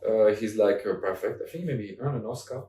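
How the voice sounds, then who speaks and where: Young French man, animated, in an echoey room. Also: lowish voice, distant mic, a little hiss or hum. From France. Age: young adult. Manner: animated, halting English, laughs often. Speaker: podcast guest. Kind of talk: casual conversation.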